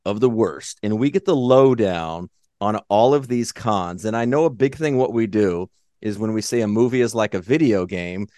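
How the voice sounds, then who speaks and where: A man's voice: on the low side, normal speed, dry recording. Profane, rambling podcast guy. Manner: profane, rambling, animated storytelling. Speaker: podcast co-host. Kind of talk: casual movie chat.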